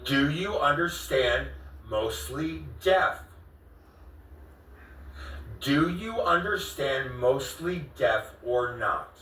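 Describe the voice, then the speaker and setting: A man's voice: medium pitch, expressive, very slow, pauses often, sharp tone, recorded from a distance. A man with a cracking voice, confronting someone and repeating the same questions again and again in a pleading, exasperated way. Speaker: vlogger confronting a friend. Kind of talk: heated confrontation on camera. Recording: echoey room, voice a bit off-mic.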